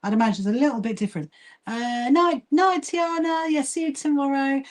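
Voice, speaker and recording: A woman from Brighton, England, with a southern English accent, chatting casually on a livestream while she sews and greets viewers by name. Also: sits high, fairly quick. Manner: chatty, reads and greets viewer comments, frequent fillers and laughs. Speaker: livestream host, quilting association founder.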